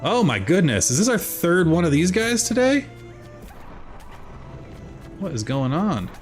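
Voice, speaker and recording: A man's voice: unhurried, faint music behind. A man in his thirties from South Jersey, with its accent, chatting casually while streaming a farming game and answering his chat in a rambling way. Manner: chatty, rambling, lively with sudden high jumps. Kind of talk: casual gameplay chat with chat readers.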